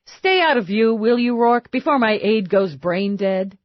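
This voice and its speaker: A woman's voice: a little high, animated, measured pace, no echo, dull audio, pitched above the performer's own voice. A woman narrator voicing a tough, blunt police lieutenant who speaks brusquely and commandingly. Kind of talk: audiobook narration.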